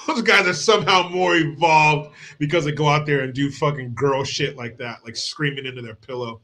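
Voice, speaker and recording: A man's voice: a little high, sing-song, measured pace, bright, forceful tone. A man from the United States hosting a podcast, giving crude, mocking commentary and laughing often. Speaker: host.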